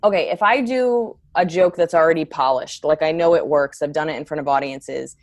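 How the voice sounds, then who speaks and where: A woman with a low voice talks in a loose, rambling way, often correcting herself mid-sentence. She sounds animated as she tells stories on a video call. The sound is dry and close, with no room echo. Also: a little fast. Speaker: stand-up comedian guest. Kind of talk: casual interview chat.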